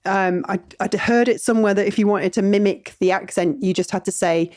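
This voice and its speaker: A woman hosting a podcast, bubbly and quick to laugh at herself in casual chat. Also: medium pitch, fairly even intonation, darkish tone. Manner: bubbly, giggly, self-mocking. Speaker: podcast host.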